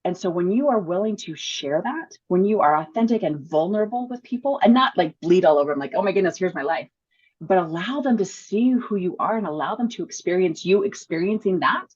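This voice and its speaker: Husky, enthusiastic woman guest. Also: fairly low pitch, lively intonation, a little mellow, muffled recording. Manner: enthusiastic, fast, laughs easily. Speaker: guest speaker coach. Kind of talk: casual conversational interview.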